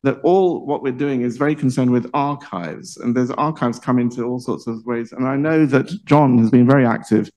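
Book launch panel moderator, male, mid-pitched, chatty, laughs a lot. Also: steady tone, normal speed, few pauses, darkish tone, rough recording. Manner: chatty, laughs often, restarts sentences. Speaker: event host. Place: library event room.

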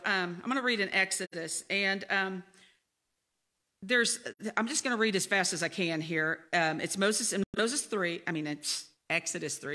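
A woman's voice: medium pitch, bright, forceful tone. A middle-aged woman pastor preaching a sermon, telling her own story in a candid, self-deprecating way. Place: church sanctuary.

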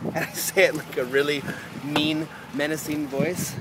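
A man's voice: fairly high pitch, level tone, normal speed, heavy background noise. Chatty laughing man vlogging casually. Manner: chatty, rambling, laughs often. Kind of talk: casual vlog chat.

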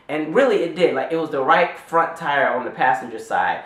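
Animated young man telling a story. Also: a little high, brisk, roomy sound. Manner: animated, rambling storytelling with many "like"s. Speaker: vlogger. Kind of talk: storytime vlog.

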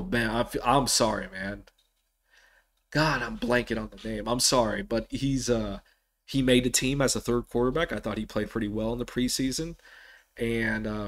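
A man hosts a solo sports podcast in an unhurried, drawn-out way. He rambles, restarts his sentences and breaks into animated bursts of excitement. His voice sits at an ordinary mid pitch. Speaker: podcast host.

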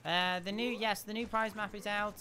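A young British man live-streaming a video game, shouting excitedly during fights and mumbling while reading chat. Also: high voice, moderate pace. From United Kingdom. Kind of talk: live gaming stream commentary.

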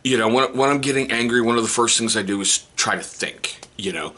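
A man's voice: medium pitch, a little fast, few pauses, pushed and bright. A man in his forties talking candidly to camera in a casual vlog, joking between points and asking rhetorical questions. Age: 40s. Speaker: vlogger. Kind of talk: casual self-help talk to camera.

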